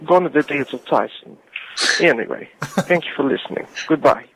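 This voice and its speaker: A British man calling in and putting on a deliberately bad Eastern European accent, heard over a phone line. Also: on the high side, a little hiss or hum, close to an everyday voice. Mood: playful. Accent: put-on Eastern European. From United Kingdom. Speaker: caller. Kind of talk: voicemail call-in.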